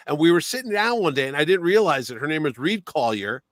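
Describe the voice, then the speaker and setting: A middle-aged man hosting a casual chat show, animated, breaking into impressions and swearing. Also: a little high, fast, no room sound, studio quality. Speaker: podcast host.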